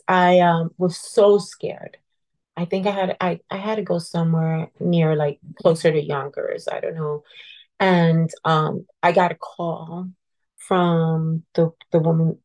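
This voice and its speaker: A woman guest telling a personal story in an earnest, heartfelt, halting way. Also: on the low side, flat delivery, darkish tone. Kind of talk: personal storytelling in a podcast conversation.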